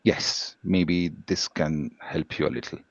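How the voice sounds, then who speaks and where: A man's voice: sits low, a little slow, dull audio. A man, teaching a live workshop on speaking skills and explaining points steadily. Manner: explanatory, steady, stresses single words when demonstrating. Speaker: English language teacher, guest speaker.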